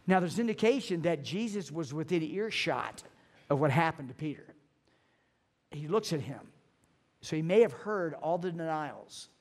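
A middle-aged man preaching a sermon, earnest and emphatic, slowing down to stress key phrases. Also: a little high. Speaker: pastor.

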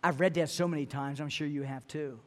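A middle-aged man delivers a sermon from the pulpit, his voice sitting a little higher than most men's. He speaks earnestly and stumbles into repeated words as he presses toward each point. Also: steady tone, brisk. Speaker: pastor.

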